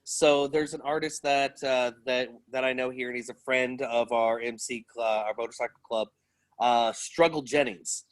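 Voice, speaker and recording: A man's voice: medium pitch, steady tone, normal speed. Candid, laughing podcast co-host, man. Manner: candid, laughs often while talking. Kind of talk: casual chat.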